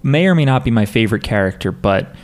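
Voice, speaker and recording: A man hosting a relaxed podcast chat. He rambles through his thoughts with many fillers and false starts, in an ordinary middle-pitched voice. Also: quick pace. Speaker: podcast host. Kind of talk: casual chat.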